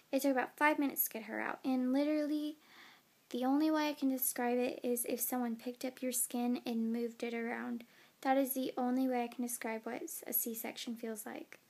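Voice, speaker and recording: A young woman with a somewhat high voice tells her story into a phone camera. She sounds tired and yawns now and then. She talks casually, with plenty of fillers. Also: creaky, a little mellow. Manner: chatty, many "like" and "um" fillers. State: tired, yawning. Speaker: new mother.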